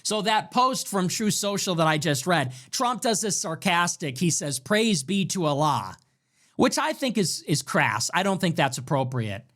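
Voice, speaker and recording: A man's voice: high-pitched, sing-song, unhurried, a bit bright. A man giving impassioned political commentary, indignant and moralizing, with many rhetorical questions.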